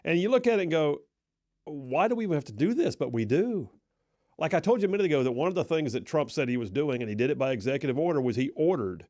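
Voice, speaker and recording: A man hosting live talk radio from a studio, energetic and folksy, restarting sentences often. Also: a little high, quick pace, dry recording. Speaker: radio talk show host.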